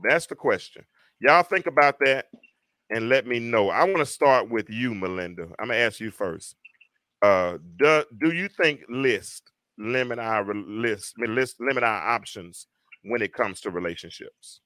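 A man hosting a casual live talk show, talking in a lively, storytelling way. His voice is bright and ringing, and the sound is close and dry with no room behind it. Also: mid-range voice, measured pace, no echo. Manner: animated, laughing storyteller who acts out quotes.

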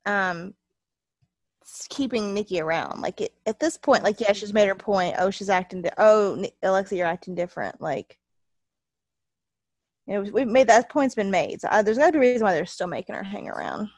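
A woman co-hosting a podcast in casual chat, reasoning things through quickly and matter-of-factly. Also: mid-range voice, animated, a little mellow, no echo. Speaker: podcast co-host.

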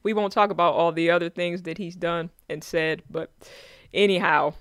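A man co-hosting a podcast in casual chat, joking in slang and slipping into quick quoted voices. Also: a little high, steady tone, a bit bright, smooth, dry recording, clean studio sound. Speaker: podcast co-host. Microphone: remote call.

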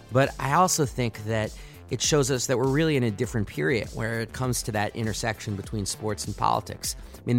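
Impassioned male sports podcast host. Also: on the low side. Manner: impassioned, argumentative, emphatic. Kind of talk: opinionated solo commentary.

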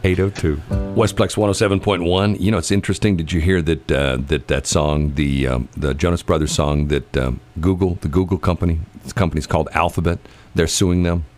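A man's voice: low-pitched, steady tone, a little fast, darkish tone, soft background music. A man hosting a radio morning show, rambling through teasing jokes and stories in casual banter. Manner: rambling storyteller, teasing and jokey.

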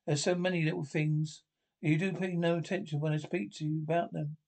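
A man's voice: on the high side, flat delivery, a little fast, creaky, darkish tone. A man reading the part of a prim, nervous young stepmother from a script, speaking in his own voice and saying the cue names aloud. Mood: scolding. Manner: reads cue names aloud before lines.

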